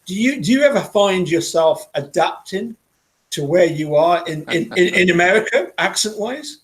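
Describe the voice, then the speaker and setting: A man in casual conversation who talks haltingly, often repeating words as he goes. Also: sits high, animated, a bit bright. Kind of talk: casual chat.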